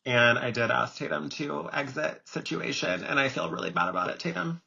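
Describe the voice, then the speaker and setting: A man's voice: mid-range voice, sing-song, brisk, vocal fry, bright, forceful tone, breathy edge, dull audio. A young man co-hosting a podcast, chatting in a gossipy, emphatic way and swearing freely. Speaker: podcast co-host. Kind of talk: casual chat.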